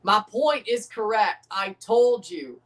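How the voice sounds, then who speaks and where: A man hosting a live watchalong of a football match, excitable and opinionated, often exclaiming and laughing at the action. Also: high-pitched, slow, recorded from a distance. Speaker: livestream host reacting to a match.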